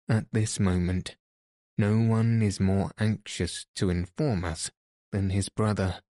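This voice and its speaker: A man's voice: low voice, dark tone, no echo, clean studio sound. A man voicing a smug, self-satisfied police commissary who questions and lectures in a pointed way. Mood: lecturing.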